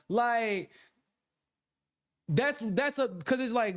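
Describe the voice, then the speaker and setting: A man's voice: a little high, fairly quick. A man, co-hosting a casual political chat with lots of laughter and cursing. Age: 30s. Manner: loud laughs, profane and animated. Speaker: co-host.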